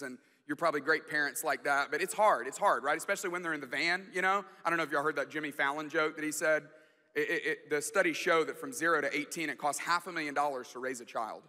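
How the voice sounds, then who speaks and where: A man in his forties telling a self-deprecating personal story in a sermon, with animated delivery and frequent restarts. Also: fairly high pitch. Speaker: guest pastor. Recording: long hall reverb.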